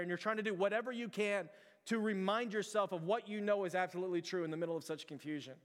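A man's voice: high voice, fast. A man preaching a sermon as pastor, earnest and repetitive, often restarting his phrases. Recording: long hall reverb.

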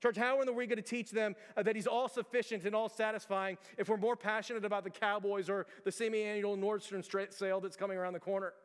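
A man preaching in a church sanctuary, his voice notably high for a man. He is earnest and insistent, hammering home repeated rhetorical questions to his congregation. A long hall reverb trails every phrase. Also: level tone, fast talker, hardly any pauses, clear, resonant tone. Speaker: pastor. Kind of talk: sermon.

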